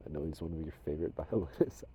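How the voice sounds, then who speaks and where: A man from Minnesota talking casually to unseen spirits as a medium, rambling and shifting between loud commands and soft whispers. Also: a bass voice, rapid-fire, slight background noise. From Minnesota, USA.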